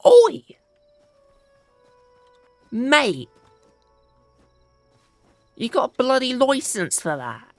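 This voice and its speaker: A woman with a British accent putting on a rowdy, threatening British bloke who blusters and shouts in slang. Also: fairly high pitch, sing-song, takes it slowly, pauses often, dry recording, faint music behind, voice pushed up, exaggerated voice. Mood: aggressive.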